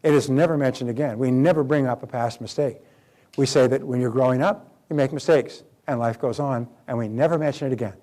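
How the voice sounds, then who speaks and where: A middle-aged man delivers a motivational seminar lesson in an emphatic, lively way. He voices little scenes of dialogue to make his points. His pitch sits in the middle for a man. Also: brisk. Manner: emphatic, acts out quoted dialogue. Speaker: self-development speaker.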